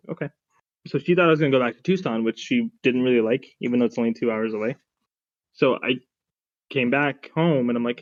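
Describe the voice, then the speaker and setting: A man's voice: medium pitch, quick pace. Young guy rambling thru a story on a podcast, lots of likes and restarts, kinda muffled lo-fi sound. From Phoenix, Arizona. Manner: rambling, filler-heavy storytelling with many restarts. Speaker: podcast panelist, pharmacist. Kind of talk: casual chat, storytelling.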